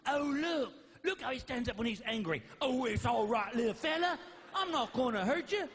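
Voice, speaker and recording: A man voicing an excitable, reckless male wildlife TV host who gushes over dangerous animals. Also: very high voice, moderate pace, a little hiss or hum. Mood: cooing. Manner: gushing, overeager.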